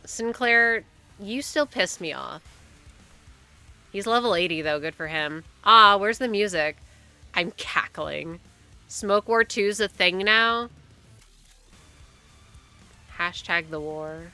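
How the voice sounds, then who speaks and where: Bright, jokey young woman streamer. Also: mid-range voice, slow, long pauses, clear, resonant tone, faint music behind. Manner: chatty, jokey, swears, reads dialogue aloud. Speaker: game streamer. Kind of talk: casual live-stream commentary.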